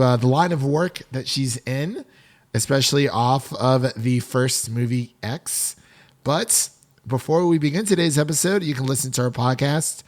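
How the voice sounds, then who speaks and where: A man hosting a film podcast in a casual, upbeat, chatty way, laughing often between remarks. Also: medium pitch. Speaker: podcast host.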